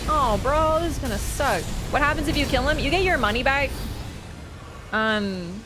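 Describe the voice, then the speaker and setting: A young woman streaming a video game, commenting on the action, swearing and getting loud and excitable in fights, blunt when scolding her chat. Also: sits high, normal speed, noisy background. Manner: excitable, swears, shrieks and laughs during fights. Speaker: gaming streamer. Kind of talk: live gameplay commentary. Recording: game music behind the voice.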